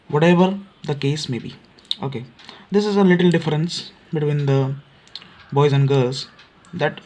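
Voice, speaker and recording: A man with an Odia accent teaching an education class, explaining points step by step and often pausing on filler words. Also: a little high, darkish tone. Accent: Odia English. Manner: frequent fillers and restarts, repeats key points. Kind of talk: explanatory lecture for exam students.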